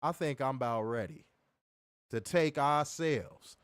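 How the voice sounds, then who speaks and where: A man hosting a casual live stream, joking loudly, laughing often and reading out donations. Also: mid-range voice, a little slow, clean tone, dry recording, studio quality. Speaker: wrestling stream host.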